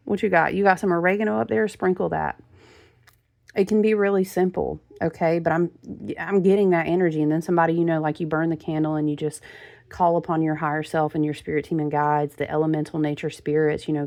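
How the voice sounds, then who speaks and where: A woman's voice: low-pitched, steady tone, fairly quick, creaky, darkish tone. A woman giving a casual spiritual card reading to her viewers, chatty and familiar, calling them friend and honey.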